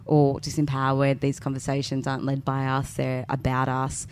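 A woman's voice: a bass voice, monotone, normal speed, a little mellow, a little hiss or hum. A woman with an Australian accent, a guest on a podcast, talking in a chatty, laughing way with lots of fillers. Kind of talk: casual chat.

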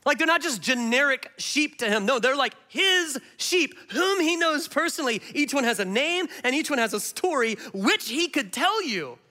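A male pastor preaching an animated sermon, swinging between loud emphasis and hushed asides. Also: extremely high pitch, normal speed, hardly any pauses.

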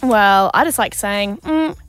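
A woman with an Australian accent co-hosting a radio show, telling stories in an animated, chatty way and acting out the quotes. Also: sits high, a little fast, soft background music. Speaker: radio co-host. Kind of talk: casual radio banter.

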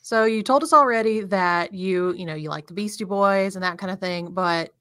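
A woman co-hosts a podcast in casual chat, easygoing and agreeable. Her mid-range voice moves at normal speed, fairly bright, clear and resonant. The clean studio sound has no room sound.

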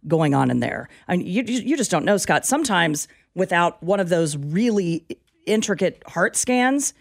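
A woman's voice: fairly low pitch, big pitch swings, moderate pace, vocal fry. A middle-aged woman co-hosting a talk show, speaking in a matter-of-fact, advising way. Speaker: radio show co-host. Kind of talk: casual chat.

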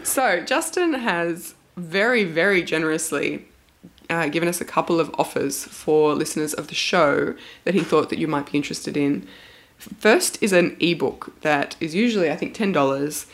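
Low-voiced woman hosting a podcast. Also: moderate pace, gravelly. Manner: chatty, laughs often, reads listener offers. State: a little medicated, sounds spaced out. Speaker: podcast host. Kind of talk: casual podcast chat.

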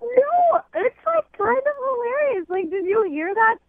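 A woman's voice: extremely high pitch, very animated, unhurried, phone-quality sound. A woman on a radio call, talking in a giggly, flippant way. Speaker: caller.

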